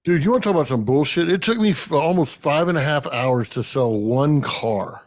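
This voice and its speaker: A man's voice: on the high side, lively intonation, normal speed. A man in his thirties, a podcast co-host, ranting and joking with lots of swearing in casual sports betting chat.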